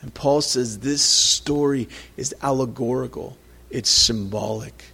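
Male pastor, mid-pitched, casual sermon delivery with scripture reading. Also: unhurried, vocal fry, sharp tone, breathy edge. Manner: conversational preaching, acts out quotes, rises in pitch when emphatic.

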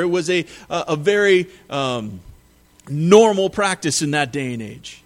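A man's voice: a little high, big pitch swings, unhurried. A man preaching a sermon, reading scripture and retelling it in a conversational, emphatic way. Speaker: pastor.

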